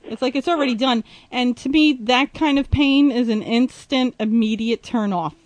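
A woman's voice: a little high, moderate pace, no room sound. A woman hosting a frank, casual chat, talking bluntly and teasing. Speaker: host.

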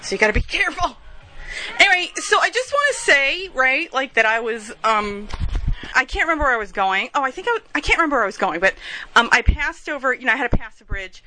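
A woman's voice: sits high, animated, fast, pushed and bright, faint music behind, rough recording. A woman telling rambling stories in a casual monologue, laughing at herself and swearing freely.

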